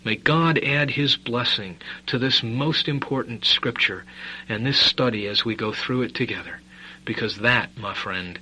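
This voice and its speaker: Bright-voiced emphatic male preacher. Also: medium pitch, measured pace, slightly rough, poor audio. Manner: emphatic, rhetorical questions, swings between loud stress and quiet asides. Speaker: preacher and Bible teacher. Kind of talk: sermon.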